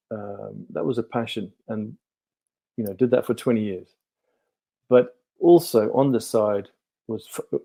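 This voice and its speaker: A man's voice: mid-range voice, creaky, warm tone. A middle-aged man, a guest on a podcast, telling his life story in a rambling way full of ums and restarts. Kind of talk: relaxed storytelling interview.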